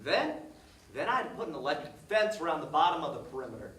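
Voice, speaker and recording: A man's voice: on the high side, big pitch swings, fast, a bit bright. An actor on stage playing a folksy man, telling a rambling story about his dog. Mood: reminiscing. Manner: folksy, rambling, repeats himself. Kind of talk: stage monologue. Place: theater stage. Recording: echoey stage heard from a distance.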